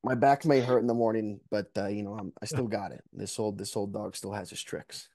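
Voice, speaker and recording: A young man chatting casually as a podcast guest, relaxed and self-deprecating. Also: fairly low pitch, fairly quick, dry recording, studio quality. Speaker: guest, mock trial competitor.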